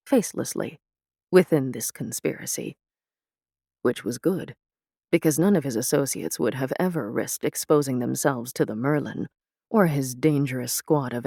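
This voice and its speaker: A man reading scripted narration in a steady, deliberate storytelling voice. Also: on the high side, creaky, no room sound, clean studio sound.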